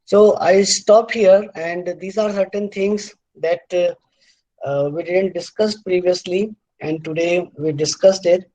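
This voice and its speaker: Man, high-pitched, middle-aged, lecturing, halting with fillers, repeats words to show stress. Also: fairly even intonation, mellow, muffled recording. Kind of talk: university lecture.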